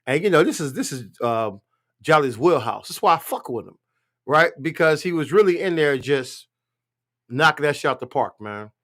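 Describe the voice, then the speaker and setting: Man, higher pitch, profane, blunt, rambling, live stream rant. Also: expressive, normal speed, a bit bright. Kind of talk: casual political rant.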